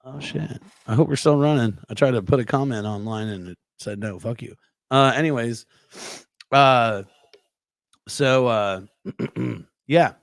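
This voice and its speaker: A young adult man telling a profane, animated story on a podcast, acting out sound effects as he goes. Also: mid-range voice, unhurried, gravelly, dry recording, studio quality. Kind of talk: casual storytelling.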